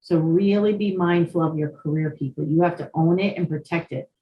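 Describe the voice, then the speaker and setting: Woman, podcast co-host, chatty, lively anecdotes, echoey room, set back from the mic, faint background hiss. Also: deep voice, fairly quick, dull audio. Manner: lively, talkative, tells anecdotes. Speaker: podcast co-host, career coach. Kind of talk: casual chat. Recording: roomy, distant mic, faint background noise.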